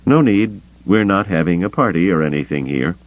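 A man's voice: low voice, expressive, normal speed, dull audio, voice pushed up. A man doing a guarded, tense crewman.

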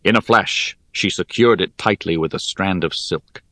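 A man narrating a fantasy novel in the first person, measured and expressive. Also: deep voice, no room sound, clean studio sound. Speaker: audiobook narrator.

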